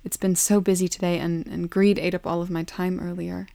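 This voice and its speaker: A woman's voice: fairly low pitch, flat delivery, a little fast, gravelly, dark tone, no room sound. A woman voicing a weary kindly timekeeper. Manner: careful, apologetic. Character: weary, kindly keeper of time.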